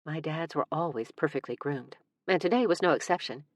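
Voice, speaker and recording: Brief: woman narrator with a deep voice, wry first-person comic storytelling, dead-dry studio sound. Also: fairly quick, dry recording. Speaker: audiobook narrator.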